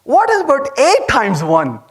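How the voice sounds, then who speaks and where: A man with an Indian accent giving a lively conference talk, telling stories and asking the audience questions. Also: extremely high pitch, unhurried. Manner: animated storytelling, asks the audience questions. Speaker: conference speaker. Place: conference hall.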